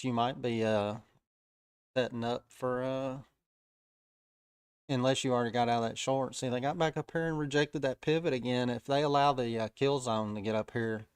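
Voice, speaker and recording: A man's voice: medium pitch, fairly even intonation, normal speed, smooth, no echo, studio quality. A man with a Southern US accent casually commenting on live trades, easygoing and chatty with frequent "uh" fillers. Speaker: day-trading live-stream host.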